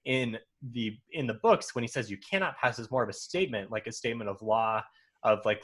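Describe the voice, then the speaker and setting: A man's voice: mid-range voice, brisk. A man co-hosting a podcast, talking through a book review in a casual, thoughtful way, explaining his points at length. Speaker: podcast co-host.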